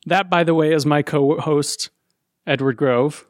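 A man's voice: a little high, steady tone, a little slow, no room sound, studio quality. A man hosting a fan podcast in casual chat, easygoing and often laughing along. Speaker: podcast host.

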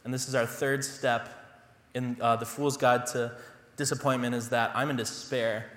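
A man's voice: mid-range voice, little pitch movement, normal speed, roomy sound, long reverb tail. A young adult man, a pastor, preaching a sermon in a conversational way, with self-deprecating humor and personal stories. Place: church sanctuary.

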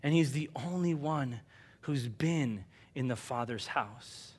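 A man preaching a sermon in an animated, conversational way, dropping quiet for emphasis. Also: mid-range voice, slow. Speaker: pastor.

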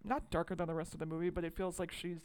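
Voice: medium pitch, fairly even intonation, racing, a little mellow, a little hiss or hum. A podcast co-host in casual movie-review chat who rambles, runs themselves down and swears freely.

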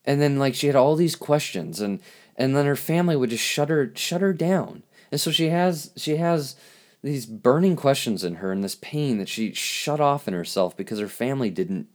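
A man hosting a podcast, speaking in a halting, reflective monologue with lots of restarts, and openly emotional. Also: mid-range voice, lively intonation, darkish tone. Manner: halting, searching for words, emotional. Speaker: podcast host.

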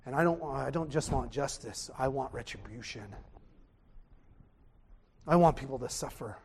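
A man preaching a sermon, animated, swinging from loud exclamations to hushed tones. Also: medium pitch, moderate pace, breathy edge.

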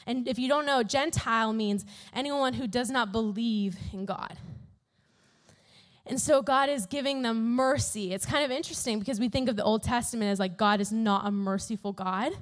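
Young woman, high voice, chatty, animated Bible story lesson, casual filler words. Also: normal speed. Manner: animated, chatty, fills talk with "like" and "literally". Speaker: youth Bible teacher.

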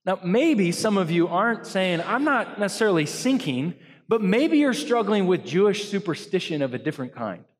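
A man preaching an earnest sermon as pastor to a congregation, swinging between loud emphasis and soft hushed lines. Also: high-pitched, sing-song, normal speed, in a large hall. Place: church hall.

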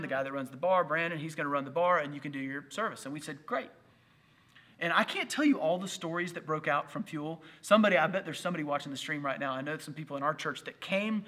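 A man preaching a livestreamed sermon, telling stories animatedly and acting out other people's voices. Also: high-pitched. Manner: animated storytelling with acted voices. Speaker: pastor. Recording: livestream audio.

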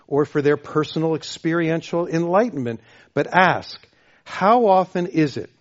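A man preaching a sermon as pastor, emphatic, repeating phrases and swinging between loud and soft. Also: a little high, lo-fi sound. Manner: emphatic, repeats phrases, varies loudness widely.

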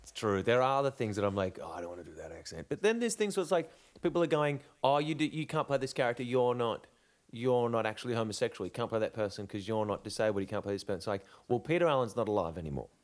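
A man's voice: mid-range voice, fast. A man co-hosting a podcast, chatting casually, rambling and thinking aloud as he goes. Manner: rambling, restarts, musing aloud. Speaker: podcast co-host.

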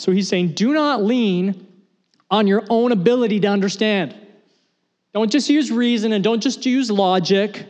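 A man's voice: animated, normal speed, darkish tone. Guy pastor preaching hard, repeats himself a lot, big echoey church sound. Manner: emphatic preaching, repeating key phrases, rising to high intensity. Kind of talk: sermon.

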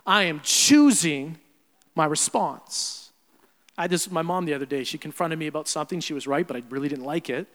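A young adult man preaching a sermon as pastor, animated, swinging between loud emphasis and quiet asides. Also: fairly high pitch, a little fast. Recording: long hall reverb.

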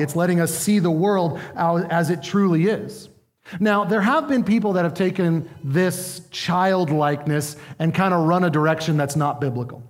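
A man's voice: a little high, darkish tone, long reverb tail. A man preaching a sermon as pastor, earnest and emphatic, asking his listeners questions.

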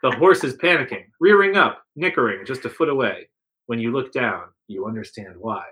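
A man reads a second-person adventure story aloud, giving the quoted lines a bit of extra life. His voice is bright and forward, with a middle pitch. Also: expressive, normal speed, rough recording. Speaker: narrator reading an interactive story. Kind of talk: reading a second-person choose-your-path story aloud.

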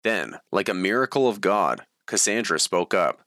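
A man's voice: deep voice, lively intonation, normal speed, pushed and bright, dry recording, clean studio sound. A man reading his own story aloud in a plain, matter-of-fact way. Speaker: memoir reader.

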